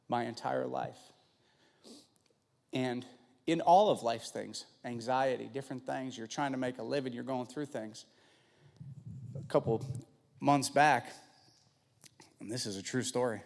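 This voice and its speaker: A man of middle pitch gives a church testimony, telling stories and acting out conversations. His voice carries the long reverb of a large sanctuary. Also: creaky. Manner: animated storytelling, acts out dialogue. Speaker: guest speaker.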